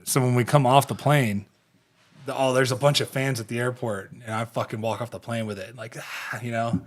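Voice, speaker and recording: Speaking at a normal speed with a medium-pitched voice and fairly even intonation, this Ohio man in his thirties spins casual podcast tales. He's the show's host and a former pro football player, and his stories about his career ramble, curse, and break into laughter.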